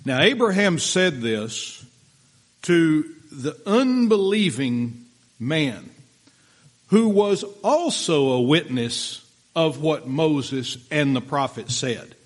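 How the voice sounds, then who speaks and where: A man preaching a sermon, reading scripture and explaining it in a slow, deliberate way, pausing for listeners taking notes. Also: on the high side, animated.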